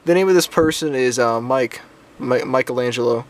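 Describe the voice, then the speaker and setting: A man's voice: mid-range voice, moderate pace, no echo. Young man, vlogger, profane casual storytelling, rambling, lots of ums, crude jokes, mid-range voice. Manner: frequent ums and restarts.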